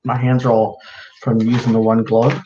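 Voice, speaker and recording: A man's voice: mid-range voice, completely flat delivery, normal speed, dark tone. A man chatting casually on a livestream, rambling with lots of fillers as he shows his crafts to viewers. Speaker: live-streaming craft seller. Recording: roomy, dull lo-fi, faint hiss.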